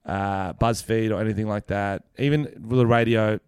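Laid-back Australian man, smooth voice. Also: on the low side, steady tone, normal speed, a little mellow, no room sound, studio quality. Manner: laid-back, swears freely, tells stories with quoted voices. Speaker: podcast co-host and musician. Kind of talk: casual chat.

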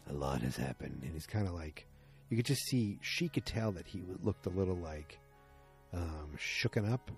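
A man's voice: low voice, lively intonation, moderate pace, faint music behind. A man casually recapping a TV episode at home, rambling and acting out the characters' lines in a raised voice. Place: at home with the episode playing behind.

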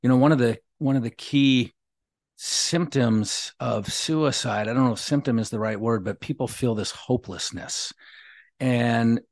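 A man's voice: medium pitch, moderate pace. A man hosting a leadership podcast, affirming his guest in a conversational way and often restarting and repeating his phrases. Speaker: podcast host.

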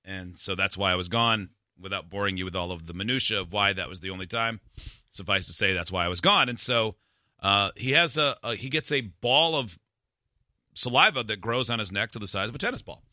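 A man's voice: on the low side, brisk, pushed and bright, dry recording, clean studio sound. A man hosting a casual talk show, telling a long story about himself with rambling asides and self-deprecating humor.

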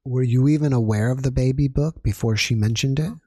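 A male host asking a guest short, calm, attentive questions. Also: mid-range voice, fairly quick, husky, no echo, studio quality. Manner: calm, brief, attentive prompting. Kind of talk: interview questions.

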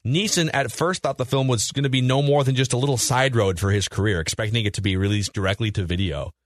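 A man's voice: mid-range voice, fast, dry recording, studio quality. A man hosting a casual movie podcast, leading the talk and quizzing his co-hosts. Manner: leads the talk, reads notes, quizzes co-hosts. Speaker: podcast host.

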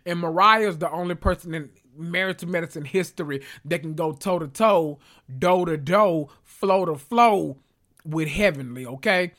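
A man's voice: a little high, moderate pace, fairly bright tone. A man hosting a podcast, chatting casually and profanely, rambling with self-interruptions. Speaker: podcast host. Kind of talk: casual reality-TV recap chat.

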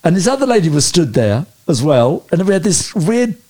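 A man telling lively personal stories as an interview guest, often stumbling and restarting mid-sentence. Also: fairly high pitch, normal speed. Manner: animated anecdotes with hesitant restarts. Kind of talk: storytelling interview chat.

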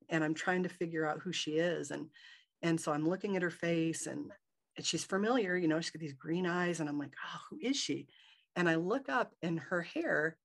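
A woman from Michigan, a podcast guest, telling a personal story in a lively way and acting out her own thoughts. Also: sits low, creaky. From Michigan, USA. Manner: animated, acts out her own inner thoughts in quotes.

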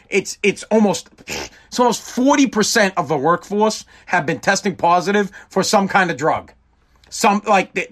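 A middle-aged man rants through a combative monologue as the host of his own show. He is blunt and profane, and his voice sits high for a man. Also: a bit bright. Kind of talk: opinionated monologue.

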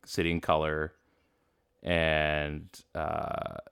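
A man co-hosting a casual sports talk show, animated and jokey, laughing often. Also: a bass voice, extremely slow, gravelly, clean tone. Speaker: podcast co-host.

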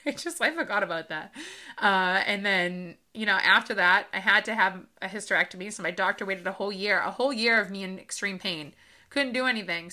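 A woman in her thirties talks through her own life story on a podcast. Her voice is bright and clear, and she speaks in a loose, unscripted way with many fillers. She sounds close to tears at times. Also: medium pitch. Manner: emotional, with frequent fillers and laughs. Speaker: podcast host. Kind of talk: personal storytelling monologue.

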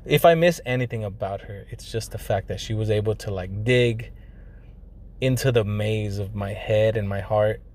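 A man's voice: fairly low pitch, normal speed, darkish tone. A young man casually telling a personal story, profane and slangy, full of fillers like "like" and "you know," dropping in bits of Spanish. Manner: drops Spanish phrases into English.

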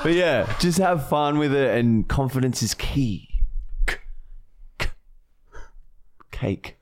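A man's voice: mid-range voice, expressive, slow pace, background noise. A man co-hosting a podcast, laid-back and chiming in with short remarks. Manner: laid-back, brief interjections. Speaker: podcast co-host. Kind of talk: casual chat.

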